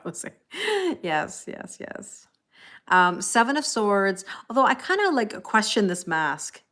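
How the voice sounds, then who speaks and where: A woman's voice: medium pitch, sing-song, takes it slowly, a bit bright. A middle-aged woman hosting a live tarot reading, chatting casually, laughing often and answering viewers' comments. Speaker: tarot reader hosting a livestream.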